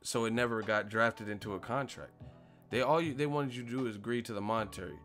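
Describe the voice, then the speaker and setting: A man's voice: mid-range voice, fast, fairly bright tone, faint music behind. A man hosting a casual live stream, ranting with profanity and disbelief, often laughing at his own points.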